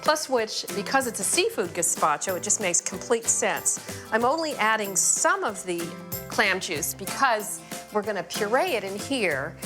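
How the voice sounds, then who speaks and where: Brief: woman cooking-show host, chatty and upbeat, walking through a recipe, music bed underneath. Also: mid-range voice. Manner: chatty, enthusiastic step-by-step explaining. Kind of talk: cooking demonstration. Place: studio kitchen.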